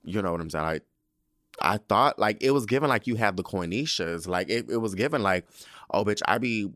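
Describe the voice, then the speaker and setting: A man's voice: fairly low pitch, expressive, a little fast, fairly bright tone, no echo, studio quality. A young man hosting a podcast, telling a story in a sassy, dramatic, slangy way with lots of swearing. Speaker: podcast host. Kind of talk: casual storytelling monologue.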